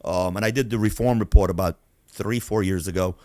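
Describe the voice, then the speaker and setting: A man's voice: low-pitched, a little fast, no room sound, studio quality. Profane New storyteller man. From Queens, New York. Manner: animated, profane, acts out voices. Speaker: podcast host. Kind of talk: casual storytelling.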